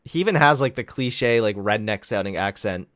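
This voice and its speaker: A man's voice: on the low side, expressive, normal speed, a bit bright, dry recording. Young dude ranting sarcastic on his vlog, lots of cussing, voice jumps around, dead dry room. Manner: sarcastic, profane, laughing at his own jokes. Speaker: political commentary vlogger. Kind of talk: casual reaction commentary.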